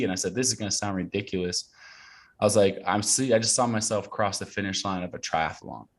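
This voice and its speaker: A man in his thirties from Portland, Oregon, a guest telling a personal story in a casual interview, earnest and animated, with many fillers and restarts. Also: fairly low pitch, a little fast.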